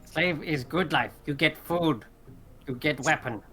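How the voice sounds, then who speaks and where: A man voicing a gruff male tribal creature chief who talks in broken, halting phrases, in a tabletop game. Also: on the high side, bright, forceful tone, soft background music, voice pushed up. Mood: blunt.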